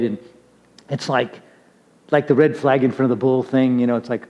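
A middle-aged man gives a relaxed sermon to a young crowd, telling stories against himself in a chatty way. His voice sits at an ordinary pitch, and the recording sounds dull and lo-fi. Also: a little fast, big-room sound. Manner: chatty and self-deprecating, laughs at his own stories. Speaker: preacher. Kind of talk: casual storytelling sermon to young people.

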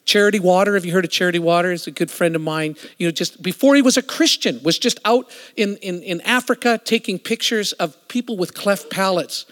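A middle-aged man preaching a storytelling sermon, emphatic and shifting from loud to hushed, as a worship musician. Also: high voice, brisk, few pauses. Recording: echoey hall reverb.

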